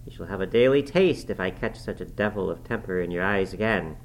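A man's voice: sits low, lively intonation, fairly quick, a little hiss or hum, rough recording. A man voicing Heathcliff, a brooding, cruel middle-aged man who speaks in grim, menacing threats.

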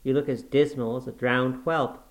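A man voicing a harsh young master of the house, speaking gruffly and scornfully. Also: mid-range voice, fairly even intonation, moderate pace, close to an everyday voice, poor audio. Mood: stern.

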